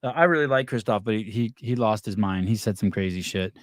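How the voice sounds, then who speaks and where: A man's voice: on the low side, brisk, no room sound, clean studio sound. A man hosting a podcast, talking in a blunt, crude, joking way in casual chat. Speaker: podcast host.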